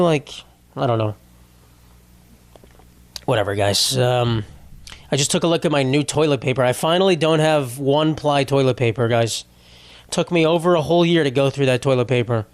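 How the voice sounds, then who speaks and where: On his one-man comedy podcast, a young host vents in a profane, rambling, fed-up manner. His voice is medium in pitch, and the recording has no echo.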